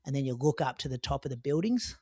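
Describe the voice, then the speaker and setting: A man's voice: mid-range voice, animated, quick pace, a little mellow, no room sound, studio quality. Australian man telling a race story. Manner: chatty storytelling with frequent "like" and "um". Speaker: podcast co-host recounting a marathon. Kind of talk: casual podcast chat.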